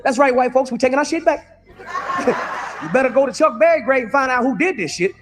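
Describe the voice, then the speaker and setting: A man performing a stand-up comedy routine, riffing loudly and profanely with big swings in pitch. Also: a little fast, noisy background.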